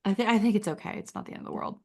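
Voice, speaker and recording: A woman walking through a website critique in a relaxed, conversational way. She talks casually and encouragingly, filling her sentences with "like" as she thinks aloud. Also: mid-range voice, very fast. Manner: chatty, encouraging, uses "like" a lot. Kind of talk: casual screen-share critique.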